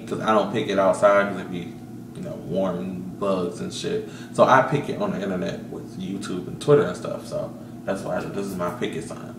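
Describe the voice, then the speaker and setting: Young guy vlogging, blunt and cussing, lowish voice, kinda far off in a roomy space. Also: fairly even intonation, normal speed, vocal fry, slight background noise. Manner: blunt, profane and opinionated. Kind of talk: casual vlog commentary. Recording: echoey room, away from the mic.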